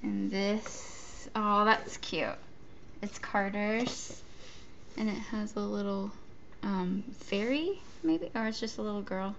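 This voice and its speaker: A woman's voice: medium pitch, takes it slowly, gravelly, dull audio, a little hiss or hum. A woman chatting casually while opening a gift box, gushing and stammering between giggles. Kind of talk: casual unboxing chat. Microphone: off-camera, not shown.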